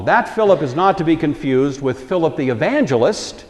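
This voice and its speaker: A man's voice: mid-range voice, lively intonation, moderate pace, long reverb tail. A man giving a Bible lecture, telling the story vividly and briefly acting out the voices he quotes. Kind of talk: recorded lecture.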